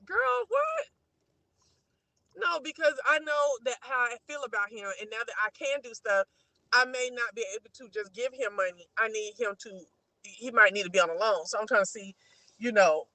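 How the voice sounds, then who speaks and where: A woman's voice: fairly high pitch, a little fast, sharp tone, no echo, low-quality recording. A middle-aged woman hosting a livestream, chatting casually and telling a story to her viewers, whom she keeps calling "girl". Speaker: livestream host. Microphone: streaming mic.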